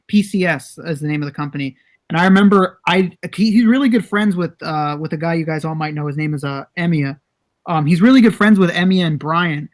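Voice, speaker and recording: A man's voice: a little high, fairly quick. Rambling, swearing young man storyteller. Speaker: podcast co-host. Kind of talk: casual podcast chat.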